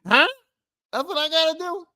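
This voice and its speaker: A man hosts a podcast, his voice pitched high and bright. He rants in a profane, animated comic monologue, dropping to low mutters and then bursting out loud. The recording is close and dry, with no room echo. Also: normal speed. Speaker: podcast host. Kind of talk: casual comedic monologue.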